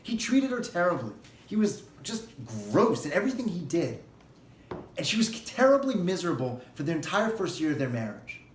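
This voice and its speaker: Animated high-voiced rabbi telling a parable. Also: male voice, moderate pace, reverberant, a little hiss or hum. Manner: animated storyteller. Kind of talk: sermon with storytelling.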